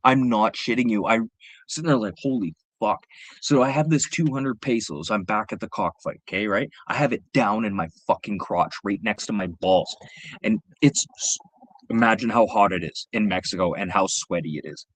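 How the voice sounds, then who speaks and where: Casual male streamer, low-pitched, dry sound, swears constantly while storytelling. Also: normal speed, no room sound. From Canada. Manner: profane, rambling, animated anecdote-telling. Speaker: livestream host. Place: home livestream setup.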